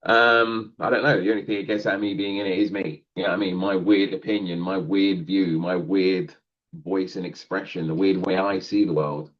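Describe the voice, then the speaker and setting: The lo-fi recording captures a man's low-pitched, steady voice at normal speed. He's a comedian chatting loosely in a podcast interview, rambling, self-deprecating and frequently laughing.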